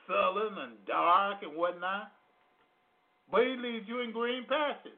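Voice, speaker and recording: A man preaching a teaching on a psalm, speaking slowly, repeating phrases for emphasis and putting questions to his listeners in casual vernacular grammar. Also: high-pitched. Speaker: radio preacher. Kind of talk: slow sermon teaching on scripture. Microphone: phone call-in to internet radio. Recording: tinny phone-line audio.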